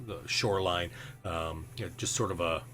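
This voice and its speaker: A man's voice: sits low, fairly even intonation, moderate pace, fairly bright tone. A man narrating as game master, rambling with many fillers. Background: faint background music.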